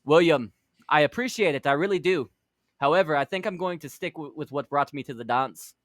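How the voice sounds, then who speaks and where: A man's voice: a little high, brisk, no echo, studio quality, close to an everyday voice. A man voicing a polite but firm male wrestler in a put-on Scottish accent. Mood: politely firm.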